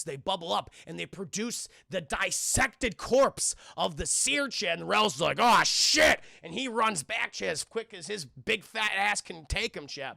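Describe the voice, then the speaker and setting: A man's voice: high-pitched, vocal fry, pushed and bright, no echo. A young man streaming a casual, profane film recap, rambling and often addressing his chat, on a close mic. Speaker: film reviewer streaming live.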